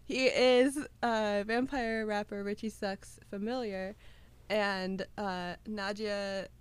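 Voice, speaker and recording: A woman's voice: medium pitch, fairly even intonation, slow, clear, resonant tone, no echo. Giggly young woman gushing about a show. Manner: giggly, gushing, lots of fillers. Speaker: podcast co-host. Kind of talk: casual chat.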